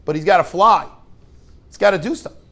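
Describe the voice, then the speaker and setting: A man's voice: high-pitched, fast talker, creaky, fairly bright tone. A man, a rabbi giving an informal, joking lesson to his students and tossing questions at the class.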